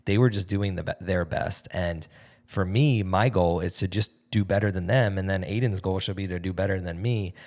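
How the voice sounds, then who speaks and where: Deep gravelly man in his thirties. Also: moderate pace, darkish tone. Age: 30s. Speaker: podcast host. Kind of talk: casual podcast conversation.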